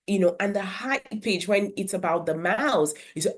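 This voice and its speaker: A woman's voice: lowish voice, lively intonation, moderate pace, few pauses. A woman educator, giving earnest instructional advice to parents about reading and talking with their children. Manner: earnest, explanatory, with brief demonstrations of character voices.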